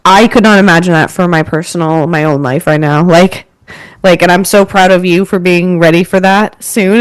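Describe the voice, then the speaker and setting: A woman's voice: fairly low pitch, moderate pace, clean tone, no room sound, rough recording. Chatty woman in her twenties, dry sound. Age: 20s. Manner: animated, chatty storytelling with lots of fillers. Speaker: podcast co-host. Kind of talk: casual podcast chat.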